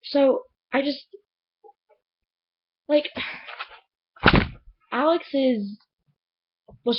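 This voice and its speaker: A woman's voice: mid-range voice, slightly rough, muffled recording. A woman reviewing a book in a casual vlog, rambling and chatty with lots of fillers.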